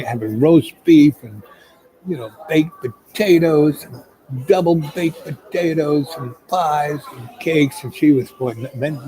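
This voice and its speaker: A man's voice: medium pitch, dark tone, rough recording. A man hosting a live chat who tells a rambling personal story in a loose, chatty way full of fillers.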